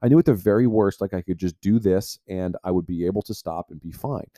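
A man's voice: low voice, fairly quick, mellow, no echo. A man hosting a podcast, telling a personal story in a rambling way, full of filler "like". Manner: rambling, heavy use of filler "like". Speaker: podcast host.

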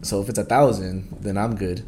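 A young man co-hosting a podcast in casual chat, laid-back and teasing, quick to laugh. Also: fairly low pitch, steady tone, a little mellow, a little hiss or hum. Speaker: podcast co-host.

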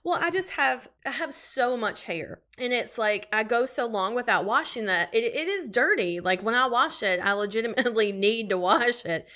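Bright-voiced woman telling a story animatedly. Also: a little high, moderate pace, few pauses. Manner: animated storytelling with swearing and laughter. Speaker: podcast co-host. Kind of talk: casual chat.

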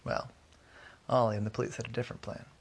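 A man telling a detective story in a relaxed, rambling way, sometimes correcting himself as he goes. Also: fairly low pitch, fast, vocal fry, slightly rough. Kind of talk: casual storytelling.

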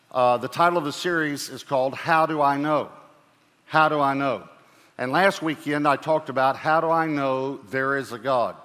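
A man preaching a sermon as pastor, talking in a relaxed conversational way with fillers and repeated phrases. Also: medium pitch. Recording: reverberant church hall.

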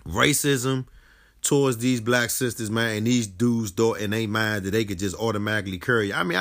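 A man giving heated, casual commentary on a news story, speaking in with plenty of profanity and animated outbursts. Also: mid-range voice, creaky.

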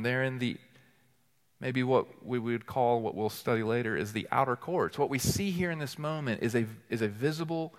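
Teaching pastor, male, slightly high-pitched, earnest and deliberate sermon delivery, reverberant sanctuary. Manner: earnest, building emphasis with repeated phrases; reads scripture aloud slowly and deliberately. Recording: long hall reverb.

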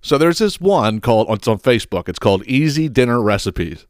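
Speaking a little fast at medium pitch with big pitch swings, a middle-aged southeastern Pennsylvania man hosts a solo podcast rant. His stories ramble, get profane, and are full of laughter and exasperation. The studio sound is clean, with no echo.

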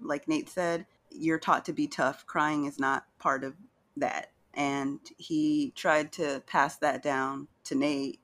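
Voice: mid-range voice, a bit bright. A podcast co-host giving a chatty, casual recap of a reality show, with playful asides and acted-out quotes.

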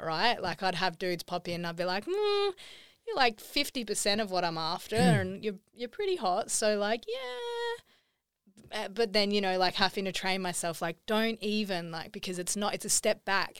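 A chatty woman speaks frankly as a podcast co-host, her speech loose and full of fillers. Her voice is clear and smooth, recorded close and dry. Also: fairly low pitch, a bit bright, dry recording. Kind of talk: casual chat.

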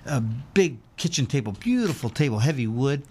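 A man's voice: medium pitch, lively intonation, normal speed, mellow, breathy edge. A former boxer telling a long rambling story as an interview guest, acting out the voices of the people he quotes.

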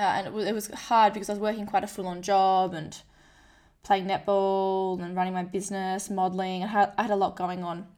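Frank woman telling her story. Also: medium pitch. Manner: frank, self-deprecating, quotes her own inner voice. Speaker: vlogger sharing a personal story. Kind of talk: candid personal monologue.

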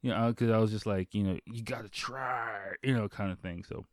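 A man's voice: on the low side, fairly even intonation, fast talker, a little mellow, dry recording, clean studio sound. A man hosting a podcast, telling a long story in a casual, rambling way, swearing freely and full of fillers and restarts. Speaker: podcast host.

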